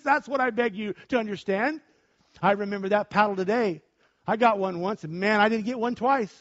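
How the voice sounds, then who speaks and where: A high-voiced male pastor preaching with fire, rising to shouts and then dropping low and conversational. The recording sounds dull and lo-fi. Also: fairly quick. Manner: impassioned, swings from shouting to quiet talk. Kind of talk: preaching sermon with discussion.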